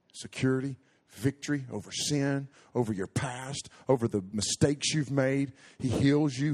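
A man's voice: mid-range voice, darkish tone, breathy edge. A male pastor delivering a sermon, speaking emphatically in rhythmic repeated phrases and addressing his listeners directly.

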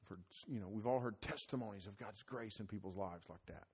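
A middle-aged man preaching a sermon at a conference, mixing scripture with lively personal stories and getting loud when excited. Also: brisk, breathy edge. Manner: animated, rises loud and high when telling stories. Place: conference hall.

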